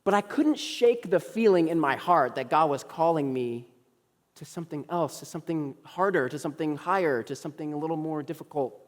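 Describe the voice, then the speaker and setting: A young man preaches in a church sanctuary, his voice sitting a little higher than most men's. He tells his story with playful asides and acts out the voices of friends, and the sound carries a long, lingering reverb from the hall. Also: lively intonation, fairly quick. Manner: storytelling, acts out quoted dialogue, humorous asides. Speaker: young adults pastor. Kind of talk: sermon.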